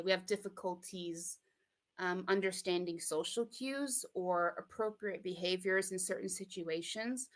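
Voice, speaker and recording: This young American interview guest from Michigan has a fairly low, slightly bright voice and a Midwestern accent. She talks casually but thoughtfully, often filling pauses and restarting her sentences.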